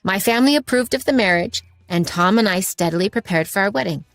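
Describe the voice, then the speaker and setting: A woman narrates a scripted first-person story in a steady, measured way at a mid-range pitch. Her voice is recorded dry and close, with faint background music. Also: no room sound.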